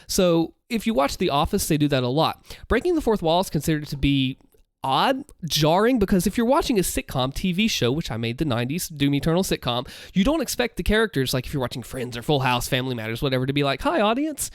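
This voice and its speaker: A man's voice: a little high, lively intonation, fast talker, dry recording, clean studio sound. A man explaining how he built a villain voice, talking animatedly and demonstrating as he goes, holding his volume down because it is late at night. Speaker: content creator explaining his voice work. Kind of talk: voice acting breakdown.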